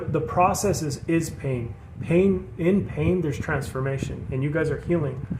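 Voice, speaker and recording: A man giving a casual spiritual tarot reading, earnest and rambling, often repeating himself and calling his viewers "you guys". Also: a little high. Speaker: tarot reader. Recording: echoey room with background noise.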